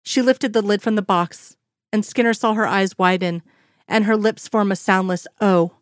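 A woman's voice: mid-range voice, fairly even intonation, normal speed, no room sound, clean studio sound. A woman reading a story aloud, narrating steadily. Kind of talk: reading fan fiction aloud.

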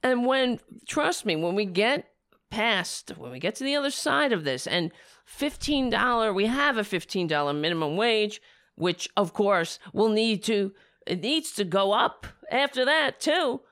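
A woman hosting a political talk show, speaking in a sarcastic, rambling way while her voice is going hoarse. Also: mid-range voice, very animated, a little slow, a bit bright, no room sound, studio quality. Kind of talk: casual opinion commentary.

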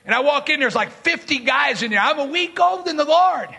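A man preaching a fiery sermon, telling stories from his street and jail ministry and shouting his main points. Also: very high voice, lively intonation, brisk, vocal fry. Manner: shouting bursts, dramatic retelling with voiced quotes.

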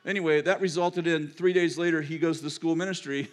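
A man's voice: on the high side, a little fast, few pauses. An older man, a pastor and grandfather, preaching a sermon in a chatty, digressive storytelling manner.

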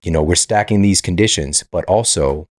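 A man's voice: deep voice, moderate pace, no room sound, studio quality. A man hosting a podcast, talking earnestly and explaining in a casual interview. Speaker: podcast host.

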